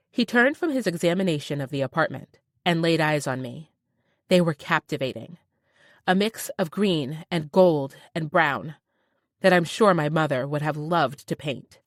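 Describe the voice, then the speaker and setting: Animated woman narrating a romance audiobook. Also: sits low, normal speed, dry recording, clean studio sound. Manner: expressive, wry and animated.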